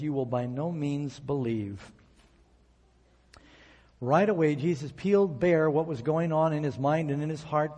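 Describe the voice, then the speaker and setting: A male preacher delivers a sermon, reading verses and acting out the prayers he quotes. His voice sits a little high and sounds soft and mellow. It is heard with a long hall reverb behind it. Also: breathy edge. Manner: reads scripture aloud and acts out quoted prayers.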